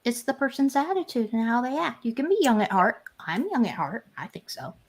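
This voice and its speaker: A woman's voice: fairly high pitch, sing-song, brisk. A woman hosting a casual livestream chat and reading out viewer comments, talking in a rambling way with frequent restarts. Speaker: livestream host.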